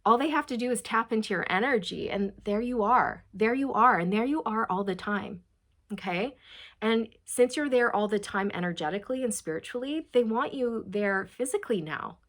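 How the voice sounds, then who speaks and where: A woman gives a heartfelt tarot reading straight to her viewers. She talks in an emotional, gushing way, keeps checking in with them, and slows down to read quotes out softly. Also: on the high side, expressive. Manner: emotional, gushing, frequent "okay?" and "you guys"; reads quotes slowly and softly. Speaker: tarot reader.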